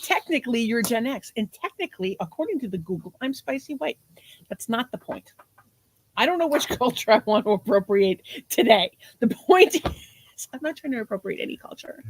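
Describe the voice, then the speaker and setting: A woman's voice: fairly high pitch, lively intonation, a little fast, a little hiss or hum. A woman in her forties co-hosting a podcast, chatting casually with lots of laughter and some swearing. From half Portuguese. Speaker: podcast co-host. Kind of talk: casual livestream chat.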